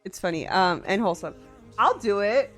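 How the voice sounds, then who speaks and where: A woman from Tennessee chatting casually with her stream viewers, soft-voiced, swearing freely and laughing often. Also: medium pitch, lively intonation, moderate pace, faint music behind.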